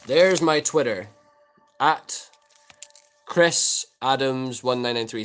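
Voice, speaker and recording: Chatty Scottish man, bright voice. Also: mid-range voice, slow pace, long pauses, soft background music. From Scotland. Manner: joking, chatty, reads and answers viewer comments. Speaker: livestream host answering chat. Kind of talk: casual livestream Q&A.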